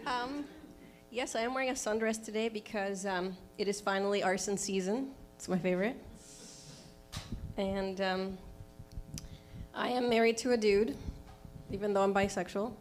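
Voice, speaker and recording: A woman's voice: mid-range voice, steady tone, normal speed, pauses often, faint music behind. A woman doing a stand-up set on a live stage, hesitant and awkward with many ums. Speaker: stand-up comic. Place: live comedy venue stage.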